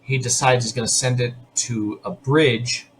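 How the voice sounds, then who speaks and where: A man hosts a podcast, talking through an episode in a loose, opinionated way. His voice sits in a middle range, and he talks in quick bursts, often restarting his sentences. A faint hiss of noise sits under the recording. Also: mid-range voice, steady tone. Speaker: podcast host. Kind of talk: casual episode recap.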